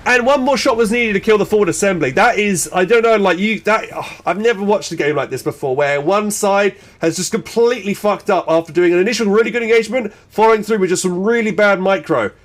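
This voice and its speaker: High-voiced, excitable male game caster. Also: quick pace, hardly any pauses. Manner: exclaiming, swearing, many restarts and fillers. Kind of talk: excited play-by-play game commentary.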